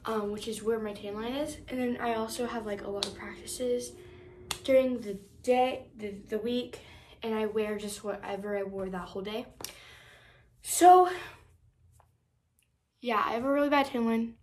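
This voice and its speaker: Getting ready at home, a teenage vlogger chats casually in a fairly high, slightly mellow voice at normal speed, pausing often. Her talk is a filler-heavy ramble full of dramatic gripes about minor things, and she's a little breathless.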